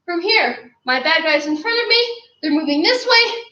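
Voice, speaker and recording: A woman's voice: very high voice, lively intonation, normal speed, noisy background. A woman teaching an online martial arts class, giving upbeat coaching and counting reps aloud. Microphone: camera mic from a distance. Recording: roomy, distant, dull lo-fi sound.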